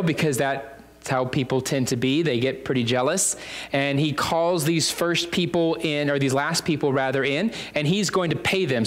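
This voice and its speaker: A man preaching a casual, conversational sermon, stopping to rephrase himself and dropping in lots of fillers. His voice sits a little high for a man. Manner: conversational, full of fillers and restarts.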